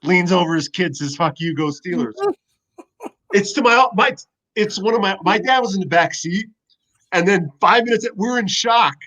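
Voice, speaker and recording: A man, a former football player, telling stories in a casual podcast chat, animated and profane. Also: high voice, moderate pace, rough recording.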